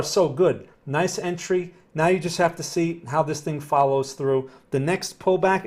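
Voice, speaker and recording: A man with a Northern New Jersey accent talks through market charts on a live stream, his voice sitting a little higher than most men's. He explains patiently and casually, regularly pausing to ask whether it makes sense. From New Jersey, USA. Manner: conversational, explanatory, often checks "does that make sense"; upbeat when greeting viewers. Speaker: trading analyst streamer.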